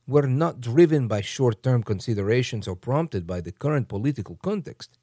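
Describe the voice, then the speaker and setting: A man doing an impression of a Russian head of state, reading a formal statement slowly and stiffly in a lower voice. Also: warm tone, no echo, clean studio sound.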